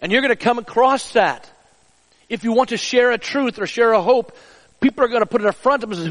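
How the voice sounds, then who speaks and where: A middle-aged man preaching a sermon with earnest emphasis, dropping soft and low for personal stories. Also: quick pace, big-room sound, poor audio. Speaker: pastor.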